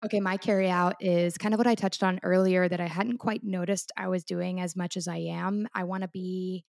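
Gravelly-voiced woman thinking aloud. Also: on the low side, darkish tone. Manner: reflective, thinks aloud with restarts. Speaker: podcast co-host. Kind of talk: casual chat.

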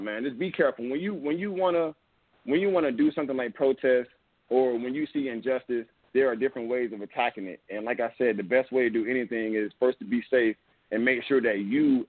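A young man of middle pitch talks through a tinny, phone-like line with a dry sound. He rambles earnestly in a casual podcast-host way, circling back with "you know what I mean" as he makes his point. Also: dry recording. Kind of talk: casual opinion talk.

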